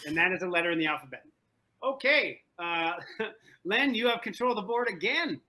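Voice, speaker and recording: A man hosting an online trivia game over a video call, animated and joking, often repeating himself. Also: high-pitched, normal speed, low-quality recording. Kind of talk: playful game-show hosting. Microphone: video call from home.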